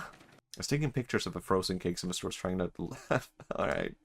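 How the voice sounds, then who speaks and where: A man's voice: fairly low pitch, brisk, a bit bright, faint music behind. A man, streaming and chatting casually with a chatty, self-amused manner. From Sweden. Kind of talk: casual gaming stream chat.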